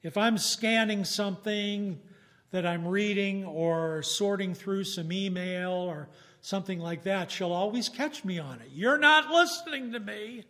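Middle-aged male preacher, higher voice, slow deliberate teaching delivery. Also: a bit bright. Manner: slow, measured teaching with fillers. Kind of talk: sermon.

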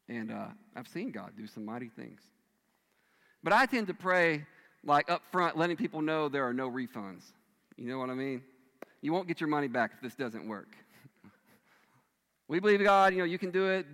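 A male pastor delivering a sermon with a bright, forceful voice pitched a little high. He swings between loud emphatic bursts and hushed lines, and the sound rings with the long reverb of a large church hall.

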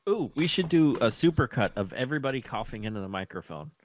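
A man's voice: medium pitch, lively intonation, quick pace, no echo. A man playing a tabletop game, chatting in a playful, jokey way. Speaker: player. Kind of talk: casual tabletop game chat.

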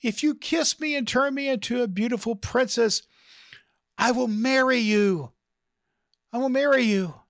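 A man doing a shrill pleading girl frog. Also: very animated, slow pace, vocal fry, pauses often, fairly bright tone, husky, no room sound, clean studio sound, exaggerated voice. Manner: begging, growing frantic and shrill. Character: pleading female talking frog.

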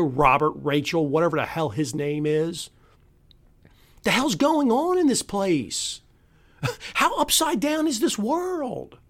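Profane, fuming male podcast ranter. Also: on the high side. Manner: angry, profane, swings from shouting to weary muttering. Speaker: podcast host. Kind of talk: solo podcast rant.

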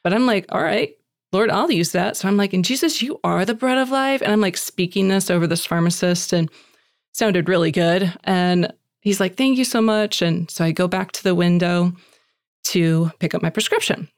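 Gravelly-voiced woman telling a faith story. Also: on the low side, normal speed, no echo, clean studio sound. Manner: chatty, animated storytelling, acting out dialogue; heavy use of "like" as filler. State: tearful at moments. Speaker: speaker at a women's faith gathering. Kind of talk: personal faith testimony told to a group.

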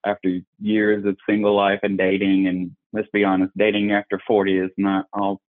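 Male guest, 40s, Southern US accent, low voice, candid and plainspoken, remote call with tinny phone-line sound. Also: completely flat delivery, moderate pace. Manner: open, frank, plainspoken. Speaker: podcast guest. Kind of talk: candid personal storytelling.

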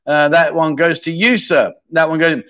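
Hosting a casual livestream chat show, a man reads out viewer comments while scrolling, chatty and jokey as he thinks aloud. He talks at normal speed with fairly even intonation in a slightly high, fairly bright voice. The audio is a bit dull and lo-fi.

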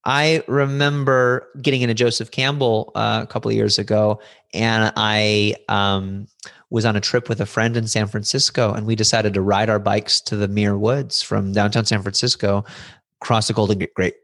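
A middle-aged man talking as a podcast guest, telling personal stories in an animated way, jumping up in pitch when excited and acting out other people's lines. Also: normal speed, dry recording, clean studio sound. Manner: acts out other voices in his stories. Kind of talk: reflective storytelling conversation.

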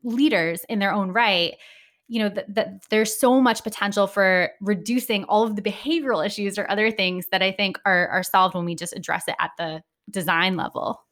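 A woman speaking as an interview guest, explaining her ideas in a clear, lively, conversational way with occasional restarts. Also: mid-range voice, moderate pace. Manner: articulate, lively, thinks aloud with restarts. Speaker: education consultant guest.

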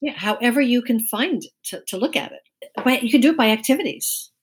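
A middle-aged woman with a soft, gentle voice, a guest chatting casually in an interview and telling stories with frequent laughs. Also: a little high, lively intonation, a little fast, slightly rough. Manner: chatty storyteller, laughs often. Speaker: guest, Chinese medicine practitioner.

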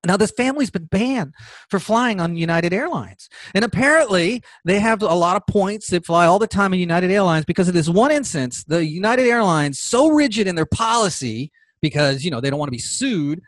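Animated sarcastic American man, high voice. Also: normal speed, no echo. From United States. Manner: animated, sarcastic, repeats phrases for emphasis. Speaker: podcast host. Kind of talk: opinion podcast monologue.

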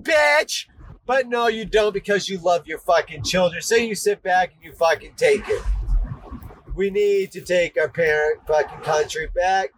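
A man hosting a podcast, delivering an angry, profane rant with shouted bursts. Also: sits high, rough recording. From Maine, United States. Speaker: podcast host.

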